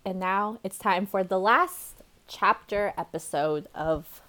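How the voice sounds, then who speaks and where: A woman's voice: mid-range voice, slow, sharp tone. A woman co-hosting a casual chat show, recounting a comic chapter with slangy asides. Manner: chatty storyteller, slangy asides. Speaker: podcast co-host. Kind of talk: casual chat, recapping a webcomic.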